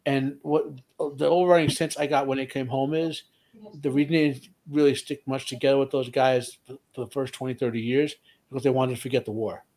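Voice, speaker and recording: A man co-hosting a casual reaction chat, animated and quick to jump in. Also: medium pitch, low-quality recording. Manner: animated, interrupts, stammers. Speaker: co-host.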